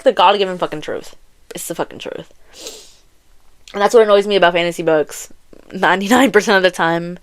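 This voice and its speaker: A young woman hosting a solo podcast, venting in a heated, profane, repetitive way and breaking into laughs. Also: lowish voice. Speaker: podcast host.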